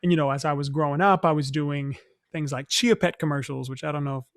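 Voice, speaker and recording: A young man from Northern California, a stage actor as interview guest, telling stories in a reflective, soft-spoken way with many fillers and restarts. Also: fairly high pitch, fairly even intonation, quick pace, dry recording, studio quality. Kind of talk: casual interview storytelling.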